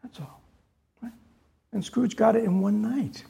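A man's voice: high-pitched, a little slow, vocal fry, mellow, slight background noise. A man giving a dharma talk in a loose, conversational way, with frequent fillers, who reads story passages aloud with rising force. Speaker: dharma teacher.

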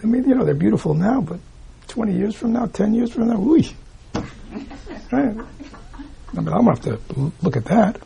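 A man giving a reflective Buddhist dharma talk to a room of listeners, posing rhetorical questions and often dropping his voice to a hush. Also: high voice, sing-song, a little fast, creaky, long pauses, low-quality recording. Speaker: Buddhist teacher. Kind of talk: dharma talk to a live audience. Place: room with a gathered audience.

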